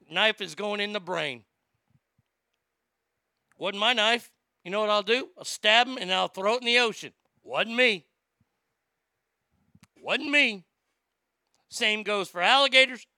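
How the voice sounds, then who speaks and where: A man's voice: high voice, sharp tone, clear, resonant tone, no room sound. A man delivering a profane, blustering comedic rant, stammering when worked up.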